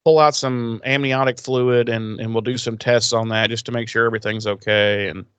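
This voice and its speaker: A man co-hosting a podcast, casually retelling an episode with quick acted-out quotes and swearing. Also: medium pitch, level tone, fairly bright tone, clear, resonant tone, no echo. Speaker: podcast co-host. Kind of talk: casual episode recap chat.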